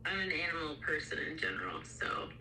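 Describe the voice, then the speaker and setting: A woman getting a reading, answering the medium in brief, quick replies and laughing along. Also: deep voice, very animated. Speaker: client at a reading. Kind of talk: casual chat. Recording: distant echoey room with clear hiss.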